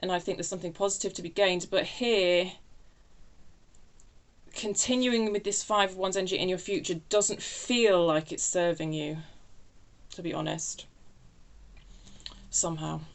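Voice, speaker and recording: A woman's voice: fairly low pitch, fairly even intonation, normal speed, long pauses. A woman giving a casual tarot reading, chatty and self-interrupting, laughing at her own remarks. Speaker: tarot reader.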